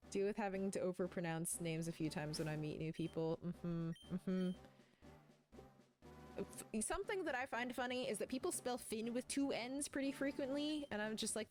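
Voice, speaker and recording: A woman's voice: mid-range voice, moderate pace, faint music behind. A woman streaming a game at home, chatting casually and rambling, often laughing while she reads chat aloud. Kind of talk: casual let's-play chat, reading chat aloud.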